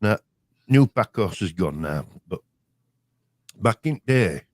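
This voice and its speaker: A man's voice: on the low side, expressive, a little slow, no echo, clean studio sound. An older man with a Yorkshire accent, rambling through broad-dialect memories in casual chat as a show's co-host. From Yorkshire, England. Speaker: podcast co-host.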